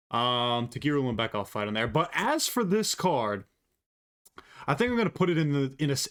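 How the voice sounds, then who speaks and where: A man's voice: mid-range voice, a bit bright, smooth. A man hosting a casual sports commentary video, blunt and opinionated, swearing freely. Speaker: host.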